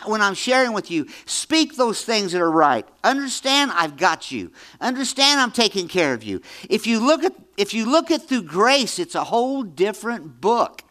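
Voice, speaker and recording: High, bright-voiced man in his seventies preaching. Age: 70s. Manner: emphatic, repeats phrases, swings between loud and hushed. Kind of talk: Bible-teaching sermon.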